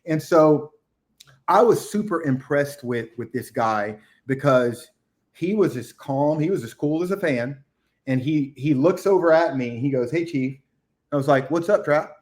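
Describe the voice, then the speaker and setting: A middle-aged man, a retired military chief, telling a combat story as a podcast guest, acting out the shouted orders. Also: on the high side, moderate pace. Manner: animated war storytelling, acts out shouted quotes. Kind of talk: casual storytelling interview.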